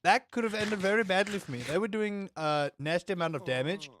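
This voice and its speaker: A man commentating his own game in a casual let's-play. He is excitable, swears freely and rambles in asides. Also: high voice, fairly quick. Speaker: gaming streamer.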